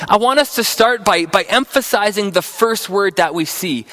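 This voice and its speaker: A man with a high voice preaches an earnest sermon. He reads scripture aloud, then talks directly to viewers at home, often stumbling and restarting a phrase as he works through the idea. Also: normal speed, few pauses, bright, forceful tone, poor audio. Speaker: pastor.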